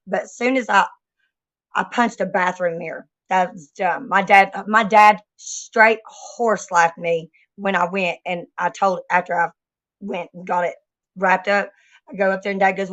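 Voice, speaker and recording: A woman's voice: medium pitch, fairly bright tone, no room sound, dull audio. A woman co-hosting a casual chat, chiming in with reactions and telling her own stories with blunt swearing.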